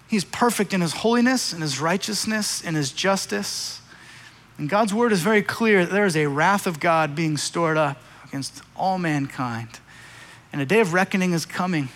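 A man preaching a sermon as a pastor, telling scripture stories with animated voices for the figures. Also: high-pitched. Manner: animated storytelling, acting out biblical figures. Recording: echoey hall with long reverb.

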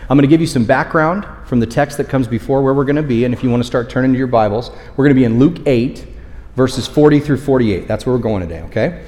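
A man's voice: mid-range voice, fast, darkish tone. A man preaching a sermon as pastor, candid and conversational, often checking in with the congregation. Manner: candid, conversational, frequent "okay?" check-ins. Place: church auditorium. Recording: long hall reverb.

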